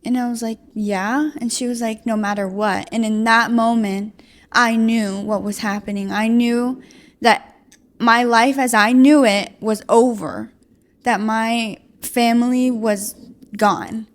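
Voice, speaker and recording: Young woman's halting, casual testimony. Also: fairly high pitch, fairly even intonation. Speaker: guest sharing a testimony. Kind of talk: personal testimony.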